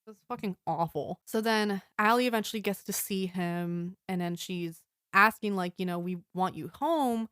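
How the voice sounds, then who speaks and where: A woman's voice: mid-range voice, steady tone, moderate pace, hardly any pauses, fairly bright tone, smooth, dry recording, studio quality. A woman co-hosting a podcast, recapping a movie in a rambling, casual way and swearing freely. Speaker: podcast co-host.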